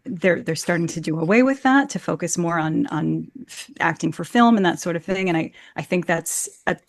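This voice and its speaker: American woman, Shakespeare coach, passionate interview talk, lowish voice, dry close sound. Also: normal speed, no room sound. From United States. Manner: earnest, passionate, repeats words at starts of phrases. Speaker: guest, actor and Shakespeare coach. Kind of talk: conversational interview. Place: home room, video call.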